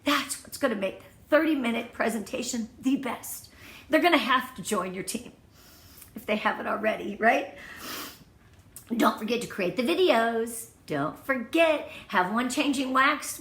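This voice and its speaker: A woman's voice: on the high side, moderate pace, a bit bright. A woman giving her sales team an upbeat, gushing training talk on online party presentations, at home in front of her product display wall. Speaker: direct-sales consultant coaching her team. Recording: echoey room.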